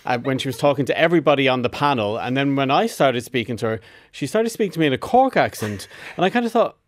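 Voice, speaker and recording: A man, a theatre director, telling a story on a radio arts show and turning animated when he quotes himself. His pitch sits in the middle. The studio sound is dry and close. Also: fast, dry recording. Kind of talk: radio interview anecdote.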